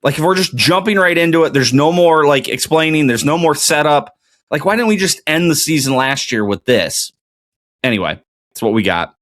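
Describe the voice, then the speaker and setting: On his casual solo podcast, the host thinks out loud during a geography quiz, muttering guesses before rambling through a TV recap with plenty of fillers. His voice is a little high and fairly bright, with lively intonation and a moderate pace, and there's no room sound.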